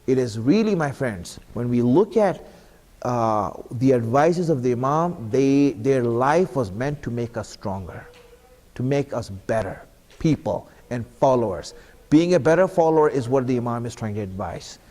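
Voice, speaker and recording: In a mosque hall with long reverb, an Islamic center speaker gives a heartfelt sermon and poses question after question to those gathered. He has a medium-pitched, mellow voice with lively intonation and talks at an ordinary pace.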